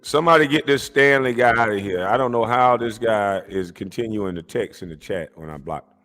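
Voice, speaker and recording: A man streaming a profane comedic rant as he reacts to clips, incredulous and mocking, often shouting. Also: fairly low pitch, fairly quick, faint music behind.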